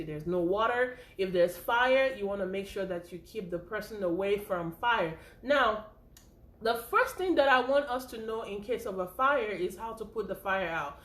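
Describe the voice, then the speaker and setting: Chatty woman teaching first aid, echoey room. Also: mid-range voice. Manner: chatty, repeats points with frequent "okay?" and "right?". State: a little out of breath. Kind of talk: informal spoken lesson.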